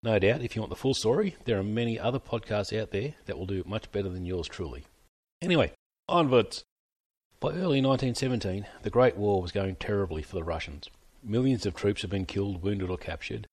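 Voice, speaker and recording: A man with a low, husky voice narrates his history podcast from a script. He slips in wry, joking asides as he goes. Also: fast, a little mellow. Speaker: podcast host.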